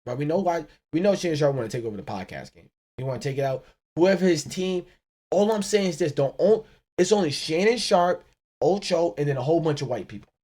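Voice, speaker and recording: A man hosting a solo podcast, ranting in an animated, profane way and laughing often. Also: fairly high pitch, a little fast. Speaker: podcast host.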